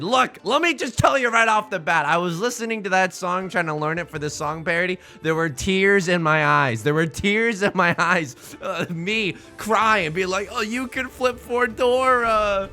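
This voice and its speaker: Lively, bright-voiced theatrical man. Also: high voice. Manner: theatrical, animated, joking. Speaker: Let's Play host. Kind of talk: casual gameplay commentary.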